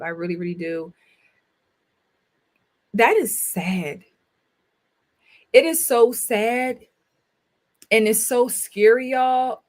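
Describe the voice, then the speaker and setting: A woman in her thirties hosting a casual livestream, talking emphatically, repeating her phrases and speaking straight to her viewers. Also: a little high. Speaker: talk show host and school counselor.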